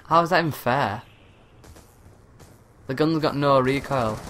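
A young man giving live commentary over a shooter game, talking quietly at home at night and swearing at other players. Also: medium pitch, slow pace, long pauses. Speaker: gaming commentator. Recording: noisy game audio behind. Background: gunfire from the game.

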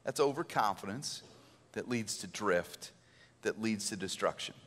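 A male pastor giving an Easter sermon in a church, conversational and animated, acting out quotes. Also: fairly low pitch, measured pace. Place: church sanctuary. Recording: church hall reverb.

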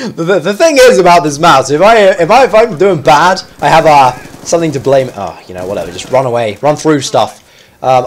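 A man giving live commentary over his own gameplay. He chats in a self-mocking way, then yelps and squeals at sudden moments. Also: mid-range voice. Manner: chatty and self-mocking between fights.

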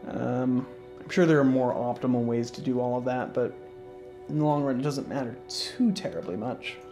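With faint game music behind him, this let's-play host talks through his moves at a moderate pace in a mid-range voice. He's relaxed and drowsy, yawning between filler-heavy, restarting sentences.

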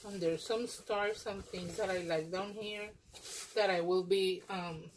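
A woman who is not an English speaker, gushing and exclaiming as she unboxes a gift swap, with many pauses and fillers. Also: medium pitch, fairly even intonation, a little hiss or hum. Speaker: crafting vlogger.

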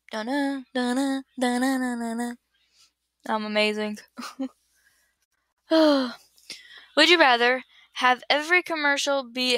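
Here a bright young woman with a slightly high voice rambles on her built-in webcam mic, answering would-you-rather questions. She's giggly and scatterbrained, trailing off and restarting, and there's no echo.

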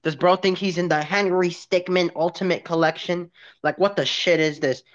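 A man's voice: high voice, fairly even intonation, moderate pace, muffled recording. A young man giving profane, incredulous roast commentary on a cartoon.

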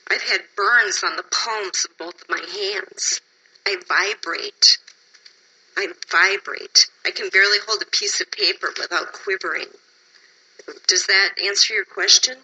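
A woman's voice: mid-range voice, normal speed, sharp tone, breathy edge, low-quality recording. A woman from Wisconsin giving emotional, insistent public testimony at a hearing, sounding tired.

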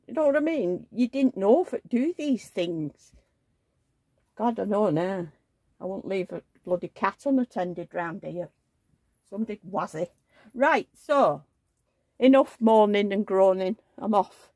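A woman's voice: mid-range voice, dark tone, no echo, clean studio sound. An older woman, telling rambling, chatty stories on her vlog. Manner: rambling, chatty storytelling with asides. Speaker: vlogger. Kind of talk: casual chat.

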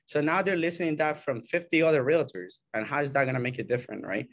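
A man's voice: a little high, fast talker, few pauses. Realtor man coaching a group casually. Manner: animated, acts out client and agent quotes; repeats "right?" and "you know?". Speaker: realtor teaching agents.

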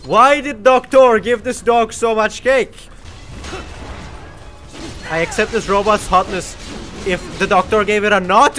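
A man's voice: high-pitched, takes it slowly, pauses often, a bit bright, faint music behind. A man who has a cold, giving live gameplay commentary in a giddy, joking way and swearing often. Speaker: streamer.

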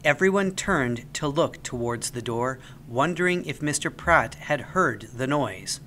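A man narrates a children's story aloud, his delivery expressive and animated. His pitch is medium and his pace unhurried, with a slight hiss or hum in the background.

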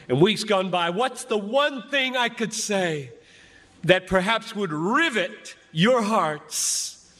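A man's voice: sits high, fairly bright tone. A man in his fifties preaching to a large youth gathering, earnest and emphatic, building his points through repetition. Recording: long hall reverb.

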